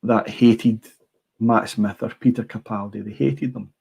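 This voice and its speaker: A man's voice: on the low side, steady tone, measured pace, vocal fry, darkish tone, husky. A middle-aged Scottish man hosting a casual livestream, blunt and rambling, swearing freely. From Scotland. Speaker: livestream host. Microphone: small clip-on mic.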